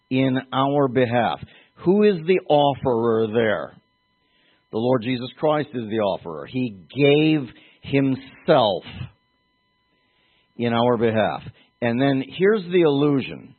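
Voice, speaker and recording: A man preaching a teaching sermon, explaining terms and putting questions to his congregation. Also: lowish voice. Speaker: pastor. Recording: tinny phone-like sound.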